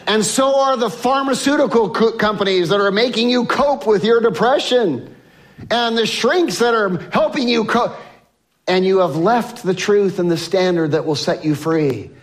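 Pastor guy preaching into a mic, kinda high voice, big swings loud to soft. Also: normal speed. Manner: preaching with emphatic swings in pitch and pace, asks the congregation to repeat lines. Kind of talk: sermon. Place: church sanctuary with congregation. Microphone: microphone.

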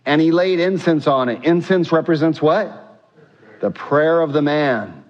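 Animated preaching man, dull recording. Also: fairly high pitch, measured pace. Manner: animated, acts out scripture quotes with rising voice; rhetorical questions to the congregation. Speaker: pastor. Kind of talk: sermon.

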